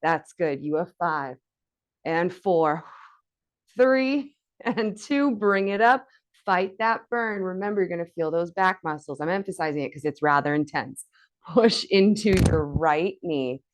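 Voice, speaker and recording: Lower-voiced woman coaching a workout. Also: expressive, measured pace. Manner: encouraging, counts reps aloud. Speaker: fitness instructor. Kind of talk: guided workout instruction.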